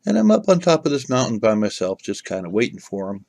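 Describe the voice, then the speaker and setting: A man's voice: medium pitch, big pitch swings, quick pace, creaky, a little mellow, dry recording. A man telling a personal story to the camera in a casual, rambling way, full of fillers and restarts.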